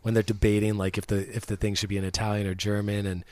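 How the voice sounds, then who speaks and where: A man's voice: lowish voice, fast, dry recording. Casual man in film chat, dry sound. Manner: animated, laughing retellings of scenes. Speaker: podcast co-host.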